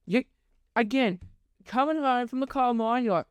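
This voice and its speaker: Young male host, exasperated sarcastic monologue, clean crisp delivery, dry booth sound. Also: extremely high pitch, normal speed, pauses often, no echo. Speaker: podcast host. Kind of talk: ranting monologue.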